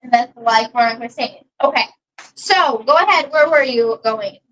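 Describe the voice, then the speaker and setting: A woman's voice: fairly high pitch, unhurried, fairly bright tone, distant mic, low-quality recording. A woman co-hosting a casual chat stream, agreeable and hedging her opinions. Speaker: co-host of a wrestling recap stream.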